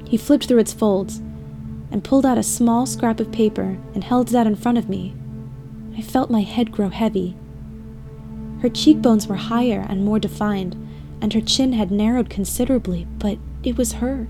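A woman narrating a scripted first-person story with an emotional, dramatic delivery. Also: a little high. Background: music bed.

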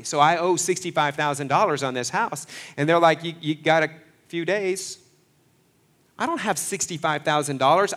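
A man preaching a sermon, swinging between loud, fervent passages and hushed asides, acting out the voices he quotes. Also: fairly high pitch. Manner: acts out quoted voices with folksy phrasing. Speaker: pastor.

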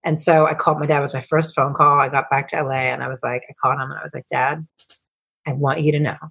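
A middle-aged woman, a coach and founder, telling personal stories as a podcast guest, emotional and swearing freely as she rambles with quick restarts. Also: extremely low pitch, little pitch movement, vocal fry, fairly bright tone, breathy edge, lo-fi sound. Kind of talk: candid storytelling interview.

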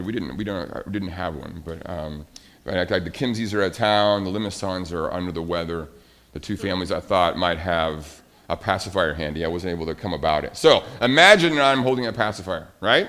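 A middle-aged man preaching a sermon, telling a story and talking directly to the children. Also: lowish voice. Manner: animated storytelling, addresses kids directly. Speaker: pastor.

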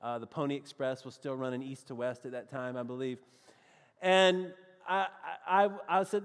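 A man with a Southern US accent preaching a sermon, telling a personal story in a lively, animated way and calling his listeners friends. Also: mid-range voice, normal speed, smooth, big-room sound. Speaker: pastor.

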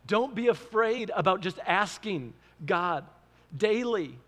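A man's voice: high voice, a bit bright, long reverb tail. A man preaching a sermon as pastor, telling stories and acting out his own prayers.

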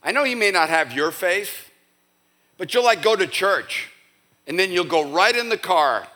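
A male pastor giving a conversational, animated sermon with casual asides to his church. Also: high-pitched, normal speed. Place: church sanctuary.

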